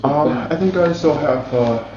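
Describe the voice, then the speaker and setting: A man's voice: on the high side, moderate pace, echoey room, background noise. A man as a sales rep explaining the install work to a homeowner in a matter-of-fact way, on a muffled field recording. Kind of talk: sales call talk with a homeowner.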